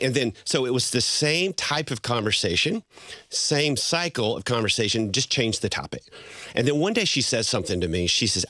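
A middle-aged man talks about marriage and empathy in lively storytelling. His pitch swoops up and down as he acts out little quoted exchanges, and he laughs easily. The sound is close and dry. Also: fairly quick, no echo. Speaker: guest speaker on marriage. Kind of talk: conversational storytelling.

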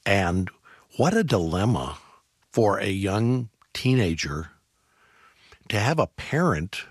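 Program host, man, very low husky voice, dry studio sound. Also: big pitch swings, slow pace, no room sound. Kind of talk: broadcast hosting. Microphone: studio microphone. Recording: dry studio mic with faint music.

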